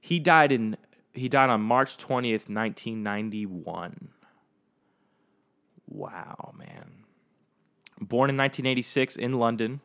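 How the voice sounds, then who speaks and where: A young man hosting a solo podcast, rambling in a casual, profane, animated way and talking straight to his listeners. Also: mid-range voice, slow, pauses often. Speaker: podcast host.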